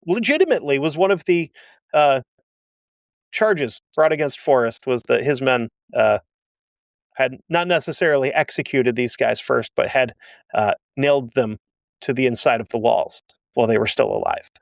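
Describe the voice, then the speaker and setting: A man's voice: medium pitch, normal speed, creaky, dry recording, clean studio sound. A man hosting a history show, telling the story casually with blunt, sarcastic asides. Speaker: history podcast host.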